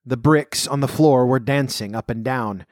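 A man's voice: mid-range voice, normal speed, a little mellow, dry recording. Man narrating a story, dry sound. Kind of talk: audiobook reading.

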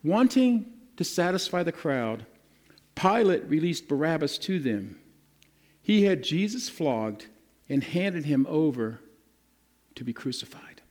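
A male pastor preaching a sermon, retelling scripture in a lively, casual storytelling way and acting out the people in it. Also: on the high side.

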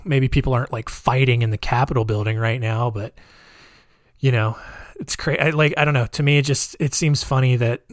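A man's voice: mid-range voice, no echo, clean studio sound. A man casually telling a history story, with frequent fillers, wry jokes and asides. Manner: conversational, many fillers and asides.

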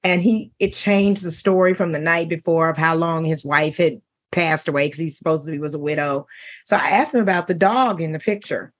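A middle-aged woman co-hosting a talk show tells a dating story in casual chat, animated and laughing as she quotes the men. Her voice is low-pitched and her delivery brisk.

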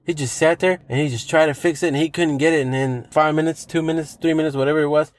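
A man's voice: on the high side, steady tone, quick pace. A man ranting on his own, swearing freely and hammering points home by repeating them. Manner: profane, emphatic, repeats himself for effect. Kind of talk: solo rant monologue.

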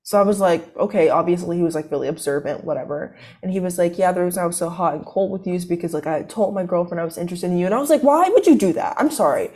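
A woman's voice: lowish voice, racing, hardly any pauses, a little mellow. A young woman, a college student, telling a long story in casual chat, full of fillers and restarts. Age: young adult. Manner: rambling, filler-heavy, self-interrupting.

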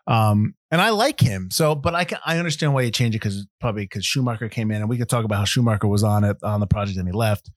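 A man's voice: fairly low pitch, quick pace, hardly any pauses, dry recording, clean studio sound. A man hosting a podcast in a casual film chat, telling stories with many restarts. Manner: rambling, animated storyteller with many restarts. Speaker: podcast host.

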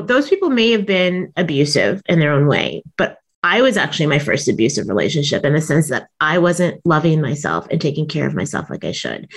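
A woman comedian and author, a guest telling a personal story in an interview, acting out quoted lines with big jumps in her voice and laughing often. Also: low-pitched.

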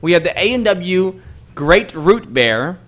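A man's voice: high voice, very animated, measured pace, a bit bright. A man co-hosting a podcast in casual chat, playful and telling stories between laughs. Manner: playful, storytelling, laughs often. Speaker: podcast co-host.

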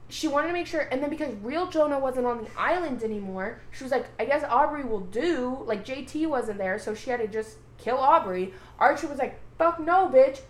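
A woman's voice: high-pitched, fairly quick, few pauses, reverberant. A woman co-hosting a podcast, casually recapping a TV plot, swearing freely and acting out the characters' lines. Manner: animated, swearing, acts out quotes. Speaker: podcast co-host.

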